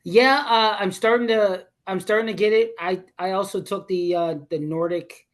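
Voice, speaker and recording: A man student in a seminar, speaking haltingly and with self-deprecation about reading aloud. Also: high-pitched. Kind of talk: seminar discussion.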